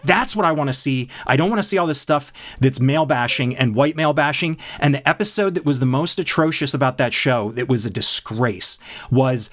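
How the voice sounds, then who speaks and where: A man co-hosting a podcast in casual chat, talking in an animated, worked-up way. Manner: animated, worked up, rising pitch when excited. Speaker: podcast co-host.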